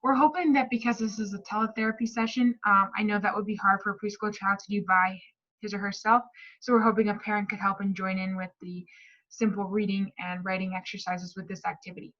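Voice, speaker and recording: A woman explains a speech therapy lesson plan at a mid pitch. She reads from a prepared script and stumbles and restarts now and then. The recording sounds dull and lo-fi. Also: fairly even intonation, fairly quick, a bit bright.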